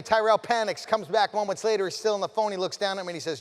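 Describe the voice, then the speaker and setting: A man delivers a motivational keynote in a large hall, and the long reverb trails after his words. His voice sits a little high for a man. He swings between fired-up, loud bursts and quiet, intimate stretches while he asks the crowd direct questions. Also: fast, hardly any pauses. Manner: addresses the audience directly with questions. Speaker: motivational speaker. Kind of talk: storytelling keynote speech.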